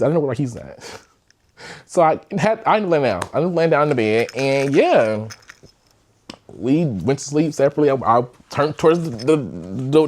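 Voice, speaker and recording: A man's voice: mid-range voice, darkish tone. Young male podcast host, mid-range voice, candid rambling storyteller who swears freely. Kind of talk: casual storytime.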